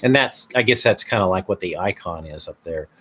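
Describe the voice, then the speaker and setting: A man's voice: low-pitched, lively intonation, a little fast, sharp tone. A man talking in a casual, rambling monologue, full of fillers and restarts. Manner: hesitant, many fillers and restarts. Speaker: video host.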